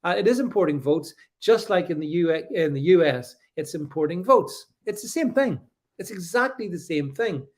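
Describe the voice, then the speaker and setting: His voice sitting high with lively intonation and normal speed, a man hosts a political commentary stream, reading viewer comments and hitting back emphatically and sarcastically. Frequent stammers and restarts mix with his sarcastic asides.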